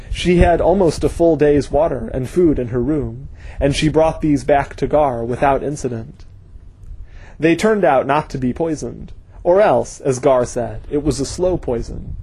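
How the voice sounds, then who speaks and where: A man reading a story aloud as narrator in a steady, measured way. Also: mid-range voice, breathy edge, rough recording. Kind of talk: audiobook reading.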